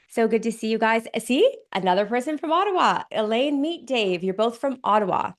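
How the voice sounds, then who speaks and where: A middle-aged woman business coach from Canada, hoarse from a cold, hosting a webinar panel with effusive enthusiasm and talking to her audience in the chat. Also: on the high side, expressive, brisk, few pauses. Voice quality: raspy.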